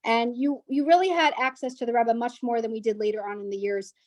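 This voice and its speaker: A woman's voice: on the high side, fairly even intonation, brisk, dry recording. A woman speaking as a guest at a women's gathering, telling a personal family story in an earnest way, often restarting and repeating words. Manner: earnest, with frequent restarts and repetitions.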